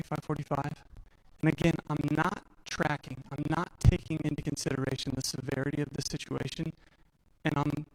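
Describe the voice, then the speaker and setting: Male speaker, 30ish, fairly high voice, frank personal story with acted-out dialogue, self-mocking humor. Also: poor audio. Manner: candid, self-deprecating, acts out dialogue. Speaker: speaker telling his survival story. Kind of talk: personal storytelling talk on stage.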